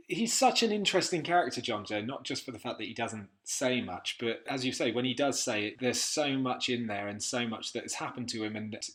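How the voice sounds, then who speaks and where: A man talks as a guest on a podcast, reflective and thoughtful. His voice sits at an ordinary male pitch. He works through his ideas as he speaks. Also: a bit bright. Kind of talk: interview discussion.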